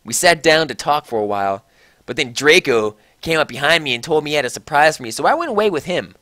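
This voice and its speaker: A man's voice: fairly high pitch, fast talker, no room sound. A young man giving a mocking dramatic reading of a story, full of sarcastic asides. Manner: sarcastic asides, shifting between flat and loud. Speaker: comedic reader.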